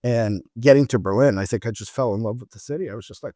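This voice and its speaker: A man's voice: mid-range voice, fast, dark tone, no echo, studio quality. A middle-aged man on a travel podcast, telling rambling anecdotes in casual chat with many restarts.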